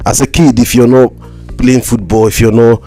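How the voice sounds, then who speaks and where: A man from Nigeria, a mental health practitioner chatting as a podcast guest. He talks haltingly and repeats words with a slight stammer. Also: medium pitch, flat delivery, warm tone, faint music behind. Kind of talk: casual conversation.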